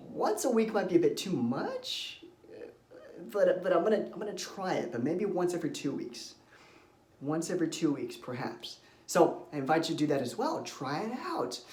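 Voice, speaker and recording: A man's voice: a little high, darkish tone, echoey room. A man who works as a confidence coach gives an earnest, reflective self-help talk and shares personal stories.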